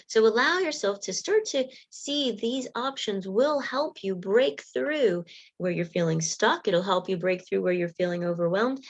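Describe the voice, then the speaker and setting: Woman life coach talking on a facebook live, animated, does little voices for examples, kinda dull lo-fi sound. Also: medium pitch. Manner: animated, acts out example dialogue in quick voices.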